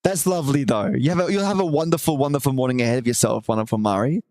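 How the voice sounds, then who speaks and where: A man's voice: medium pitch, quick pace, a little mellow, no room sound, studio quality. A man hosting a live stream from home, chatting affectionately with viewers, restarting often and stretching his greetings. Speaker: livestream host. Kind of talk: casual chat with viewers.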